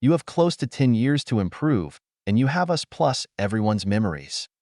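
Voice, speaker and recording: A man reading the part of a calm, blunt male ninja mentor in an audiobook. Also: mid-range voice, normal speed, no echo, clean studio sound, lightly acted.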